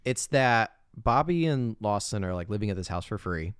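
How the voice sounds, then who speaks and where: A man's voice: lowish voice, animated, normal speed, clear, resonant tone, no room sound, clean studio sound. A man co-hosting a podcast, casually chatting about a movie, laughing often and filling with "like.". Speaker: podcast co-host.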